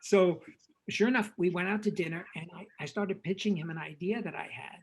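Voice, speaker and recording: An older man, a film director and interview guest, telling animated anecdotes and acting out the dialogue in them. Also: sits high, a little fast, a little hiss or hum, low-quality recording. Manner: lively raconteur, acts out quoted dialogue, frequent repetitions.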